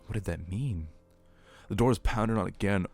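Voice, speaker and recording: A man reading a horror story aloud as narrator, steady and earnest. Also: fairly low pitch, normal speed, gravelly, soft background music.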